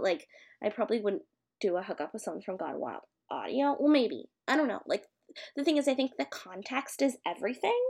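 A woman's voice: medium pitch, vocal fry. A young woman at home, casually answering a questionnaire as an amateur audio creator, rambling and hesitant with many filler words. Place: her home.

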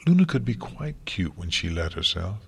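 A man reads a storybook aloud in a steady, even manner. His voice sits low and carries a husky grain. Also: moderate pace. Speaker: narrator. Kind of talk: storybook reading.

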